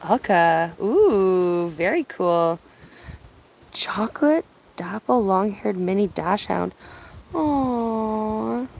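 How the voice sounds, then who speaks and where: A woman from Ontario chatting casually on an outdoor live stream, speaking softly, answering viewers and laughing easily, filming on her phone. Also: medium pitch, animated, very slow, vocal fry, a little hiss or hum, low-quality recording. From Ontario, Canada. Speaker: live-streaming bird watcher. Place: outdoors at a cottage. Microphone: phone on binoculars, held by hand.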